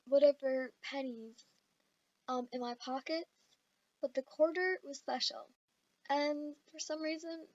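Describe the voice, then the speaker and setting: A woman's voice: high voice, a little mellow, no echo, dull audio. A woman casually telling a story time. She rambles and mocks herself, with fillers and swearing.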